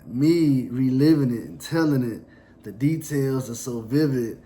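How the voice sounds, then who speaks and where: A man telling a personal story in a somber, reflective, halting way. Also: mid-range voice, animated, dark tone, slight background noise.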